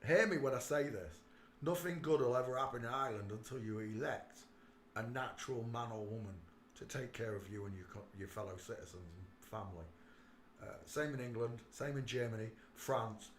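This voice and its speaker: A man hosting a casual livestream, talking emphatically and swinging between quiet muttering and loud outbursts. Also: medium pitch, roomy sound, slight background noise. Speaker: livestream host.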